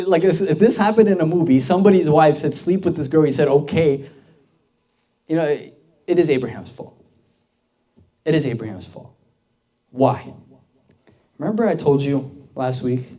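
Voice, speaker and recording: A young man, a deacon, tells stories in a youth sermon, loose and conversational and full of "like." His voice sits a bit high but sounds dark and mellow. He checks in with the group and asks them questions as he goes. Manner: conversational, lots of "like" fillers, asks the audience questions. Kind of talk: casual storytelling sermon.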